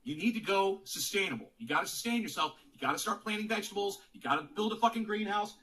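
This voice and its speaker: Man ranting off-mic, bright and high. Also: lively intonation, quick pace. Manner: preachy, repetitive, swears a lot. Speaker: streamer in an earlier clip. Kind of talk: profane rant to viewers. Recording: voice distant from the mic.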